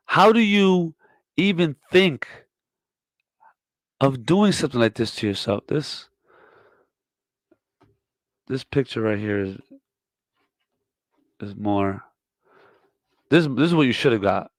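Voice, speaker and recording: A man hosting a comedy podcast, delivering a profane, mock-scolding tirade that swings from loud to muttered. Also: a little high, lively intonation, normal speed, long pauses, no room sound. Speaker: podcast host. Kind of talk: comedic rant.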